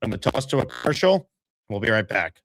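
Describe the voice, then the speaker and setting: A man hosting a live sports talk stream, energetic and hyping his audience. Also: fairly low pitch, quick pace, a little hiss or hum. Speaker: sports talk show host. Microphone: streaming setup mic.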